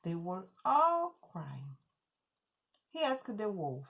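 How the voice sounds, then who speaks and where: A woman teacher reading a children's story aloud in English as a Portuguese native, slow and expressive. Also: medium pitch, gravelly, slight background noise.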